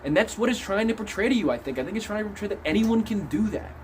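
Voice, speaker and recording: A man giving a casual, animated film review, swearing freely as he retells scenes. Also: high voice, fast, a little hiss or hum, poor audio. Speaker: movie reviewer.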